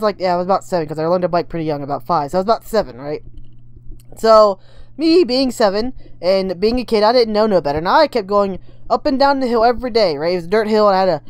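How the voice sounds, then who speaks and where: Fast, rambling story-time woman. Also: mid-range voice, clear, resonant tone, no echo. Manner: rambling, full of "like" and "right?". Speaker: vlogger. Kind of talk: casual story-time vlog.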